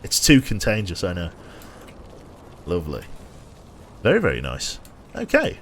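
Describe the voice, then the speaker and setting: A man's voice: low-pitched, wildly swooping pitch, measured pace, fairly bright tone, a little hiss or hum. A man giving dry, sardonic live commentary on his gameplay and chatting with viewers, swearing casually along the way. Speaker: game streamer.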